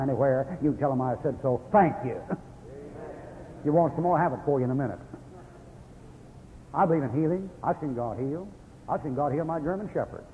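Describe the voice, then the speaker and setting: An older preacher gives a folksy, fiery sermon, swinging from chuckling anecdotes to angry tirades. His voice comes through a tinny, phone-like old radio broadcast, with a long hall echo and a faint hiss underneath. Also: a little high. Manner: folksy storytelling with sudden angry outbursts and chuckles. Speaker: Baptist preacher.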